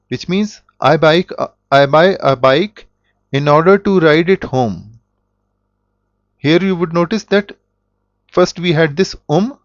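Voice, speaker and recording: Slow-speaking man teaching. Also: on the high side, expressive, no echo. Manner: slow, deliberate, with self-corrections. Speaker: German teacher. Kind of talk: explanatory language lesson. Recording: dull, dry lo-fi audio.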